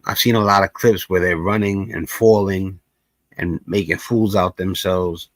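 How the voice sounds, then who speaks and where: A man's voice: deep voice, steady tone, measured pace, dry recording. A man hosting a casual reaction commentary, talking in a laid-back, conversational way full of filler phrases. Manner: laid-back, conversational, lots of "you know". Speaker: commentary host.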